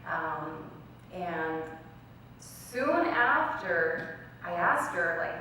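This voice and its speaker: In a college event hall, a young woman guest speaker delivers a personal speech in a lowish voice that is animated, slow, pushed and bright. She earnestly recounts her story and acts out quoted dialogue. Captured from far away in a very echoey room, the recording has a little hiss or hum.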